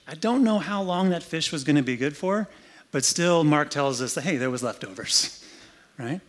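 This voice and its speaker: This pastor speaks at a medium pitch with a slightly bright tone, keeping his sermon light, funny and conversational. He acts out the scenes as he goes, indoors in an air-conditioned room.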